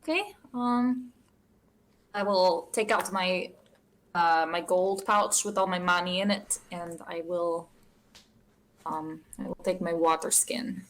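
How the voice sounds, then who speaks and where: A woman's voice: on the low side, slow pace, a bit bright. A woman playing a tabletop game, hesitant and giggly. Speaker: player.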